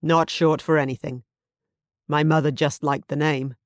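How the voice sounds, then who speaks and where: A woman's voice: low-pitched, fairly even intonation, moderate pace, dry recording, studio quality, close to an everyday voice. A woman narrator voicing a blunt, direct man recovering from illness in an audiobook. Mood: dry.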